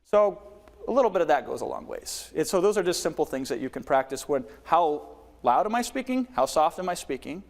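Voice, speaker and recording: Animated male sales trainer in a hall. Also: brisk. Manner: dramatic shifts in volume, pace and pitch to demonstrate delivery. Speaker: webinar trainer. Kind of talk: live workshop teaching.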